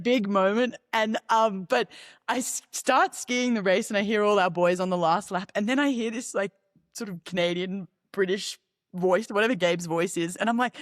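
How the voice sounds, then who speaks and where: A woman's voice: medium pitch, normal speed, dry recording, clean studio sound. A young woman, a podcast guest, telling a story in casual chat, acting out quotes and laughing often. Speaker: podcast guest, ski racer.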